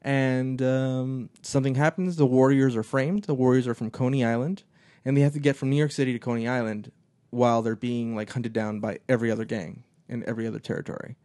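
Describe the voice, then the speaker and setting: A man's voice: medium pitch, brisk, dry recording. A man chats casually about movies, rambling along with plenty of restarts and fillers. His voice sits in the middle range and sounds close and dry, with no room sound around it. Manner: relaxed, rambling with many restarts. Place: small office.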